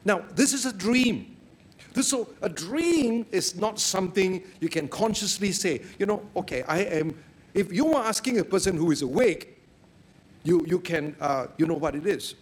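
A man preaching a sermon, telling stories in a lively way and breaking into sudden loud exclamations. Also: sits high, normal speed.

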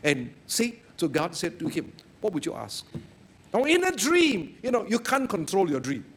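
A man preaching a sermon, telling stories in a lively way and breaking into sudden loud exclamations. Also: sits high, normal speed, slight background noise.

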